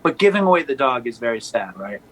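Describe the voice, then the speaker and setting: Very animated and fast, this podcast host from New York City has a mid-range, slightly bright voice captured in poor recording quality. He spins stories with wry humor during a relaxed conversation.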